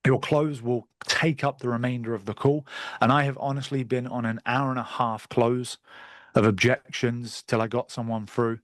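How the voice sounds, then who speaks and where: A man teaching a live online sales masterclass over a video call, direct and brisk, with the odd bit of crude slang. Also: medium pitch, flat delivery, dry recording. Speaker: sales trainer.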